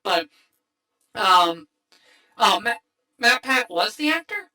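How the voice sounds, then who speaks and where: A woman hosting a casual livestream movie chat, excitable and rambling with many restarts. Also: mid-range voice, slow pace, long pauses, rough recording. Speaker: streamer host.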